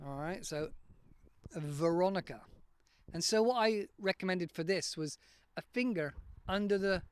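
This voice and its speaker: A man's voice: high-pitched, smooth, no echo. A man, hosting a casual podcast as an English teacher, patiently explaining pronunciation and demonstrating sounds word by word into a handheld mic. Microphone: handheld microphone.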